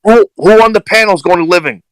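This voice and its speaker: A man on a podcast panel telling stories in casual chat, animated and slangy. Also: high-pitched, fast, clean tone, dry recording, poor audio.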